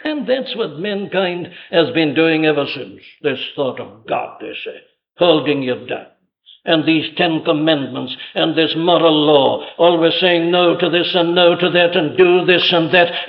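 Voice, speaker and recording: A man preaching a sermon with emphatic delivery, rhetorical questions and vivid retelling of stories. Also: on the high side. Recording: dull lo-fi old sermon tape.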